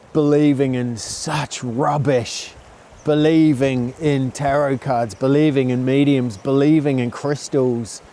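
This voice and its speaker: A man's voice: medium pitch, mellow, a little hiss or hum. A man vlogging, telling a personal story in a chatty, earnest way and often calling the listener "mate".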